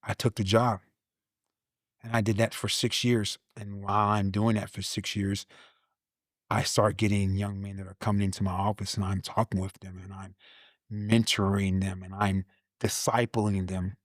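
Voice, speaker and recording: A man telling a personal faith testimony in a casual conversation, animated, repeating words, and acting out his own past lines. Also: on the low side, normal speed, no echo, studio quality. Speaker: guest, Army veteran.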